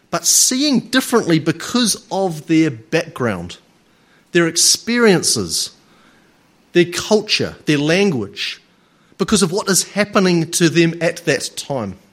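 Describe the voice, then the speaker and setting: Nz guy lecturing a group, high voice, slow and bouncy, jokes with the crowd. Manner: chatty and playful with the audience, then slow and deliberate. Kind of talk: live talk to a group.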